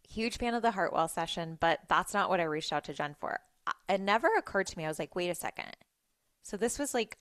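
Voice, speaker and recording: A woman hosting a podcast, telling a personal story in a chatty, animated way with lots of "like"s. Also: fairly low pitch, no echo, studio quality. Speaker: podcast host. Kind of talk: casual solo storytelling.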